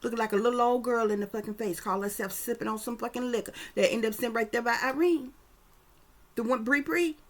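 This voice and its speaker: A woman's voice: fairly high pitch, fast talker. Emphatic, profane woman psychic reader. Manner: emphatic, profane, keeps checking in with listeners. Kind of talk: casual psychic reading commentary.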